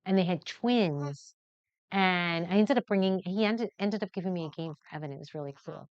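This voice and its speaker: A middle-aged woman hosting a live newborn photography session, chatty and animated, acting out the people in her stories. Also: lowish voice, normal speed, no room sound. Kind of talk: lively storytelling while demonstrating a shoot. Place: photo studio during a live stream. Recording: slightly dull, muffled audio.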